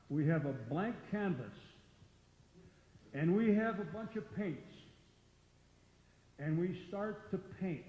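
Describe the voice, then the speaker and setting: An older man, a former wrestler, telling blunt, profane stories to a live audience. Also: high voice. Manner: gruff, profane, outspoken. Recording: roomy hall, muffled sound.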